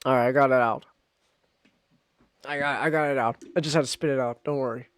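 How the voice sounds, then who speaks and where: A man's voice: mid-range voice, a little fast, clean tone, no echo. A man streaming a visual novel, reading the narration aloud and chatting casually, repeating himself as he goes. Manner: rambling and animated, repeats words.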